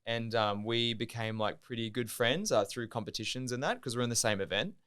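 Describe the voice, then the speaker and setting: A young man with an Australian accent chatting loosely on a podcast. His voice is smooth and clear, at an ordinary pitch, and he piles on "like" and swear words as he tells a story. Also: brisk, fairly bright tone. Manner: rambling, heavy use of "like", swears freely. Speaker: podcast guest, diver. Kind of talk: casual storytelling chat.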